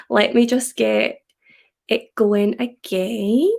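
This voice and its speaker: A young woman with a soft Scottish accent, her voice sitting a little high. She hosts a relaxed livestream, chatting and reading viewer comments aloud with easy laughter. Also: extremely slow, creaky, long pauses. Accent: Scottish, softened by English. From Scotland. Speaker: livestream host. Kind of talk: casual livestream chat.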